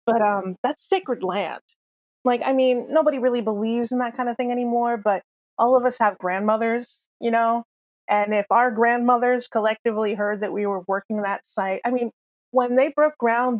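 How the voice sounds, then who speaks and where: A woman's voice: a little high, dry recording, natural voice. A woman voicing a weary older male coffee-van vendor who talks hesitantly and confides reluctantly, in a tabletop game.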